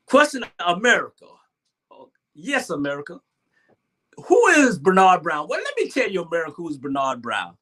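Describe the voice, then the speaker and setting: Animated Southern man in his sixties. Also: a little high, a little fast, husky. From Savannah, Georgia, US. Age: 60s. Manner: lively, boastful, chatty with fillers. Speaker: host. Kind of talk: animated solo talk show monologue.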